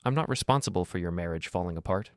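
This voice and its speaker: A man's voice: sits low, lively intonation, fast, clear, resonant tone, dry recording, studio quality. A man voicing a nervous, defensive younger man who answers curtly, in a read-aloud story. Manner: defensive, curt.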